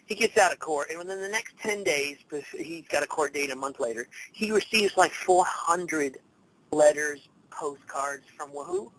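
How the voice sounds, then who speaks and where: A man talking casually as a guest, telling stories with lively swings and acting out the people he quotes. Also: on the high side, a little slow, poor audio. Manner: animated storytelling, acts out quoted people. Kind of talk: casual talk show chat.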